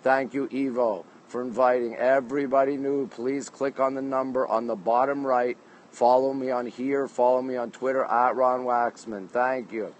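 A man's voice: mid-range voice, flat delivery, moderate pace, a little hiss or hum, rough recording. Chatty man greeting viewers from a rooftop. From Canada. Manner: chatty, greets viewers by place name, reads comments aloud. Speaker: livestream host. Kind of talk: casual livestream greetings to viewers. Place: outdoor rooftop deck in a city at night.

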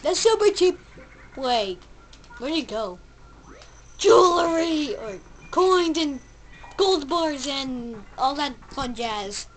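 A woman giving casual gameplay commentary, excitable, yelping at the game and babbling silly sound effects. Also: high voice, slow pace, rough recording. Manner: excitable, yelps and shouts at the game. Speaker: let's play gamer.

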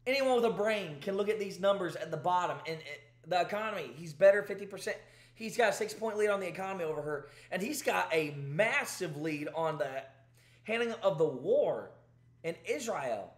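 Male commentary host, emphatic and exasperated, high-pitched, echoey room. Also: animated, moderate pace. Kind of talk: ranting commentary.

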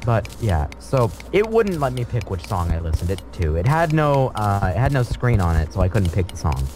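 A man's voice: fairly low pitch, sing-song, moderate pace, faint music behind. A man chatting casually while playing a video game, rambling through silly jokes and stories. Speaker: let's play co-host. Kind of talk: casual gaming commentary.

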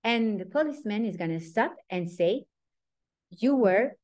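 A woman with a French accent teaching an informal online class over a video call, chatty and animated, often breaking into laughs. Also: mid-range voice, a little fast. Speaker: teacher of a weekly Torah class.

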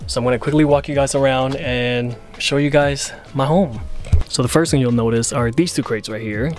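A relaxed young man narrates his project in a joking, easygoing way, tossing in slang as he goes. His voice sits at an ordinary middle pitch. Music plays clearly in the background. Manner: relaxed, joking, says "bruh" often. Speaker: vlogger. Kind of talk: casual vlog narration. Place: inside a converted SUV.

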